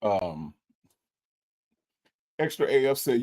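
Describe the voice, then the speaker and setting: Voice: deep voice, very animated, takes it slowly, pauses often, dark tone. A livestream host giving mocking, incredulous commentary and reading out viewers' super chats.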